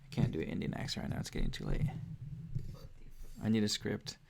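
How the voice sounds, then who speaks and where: A man's voice: lowish voice, sing-song, a little fast, vocal fry, a little mellow. A man hosting a casual late-night livestream, rambling and joking with frequent giggles. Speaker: channel host. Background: faint music.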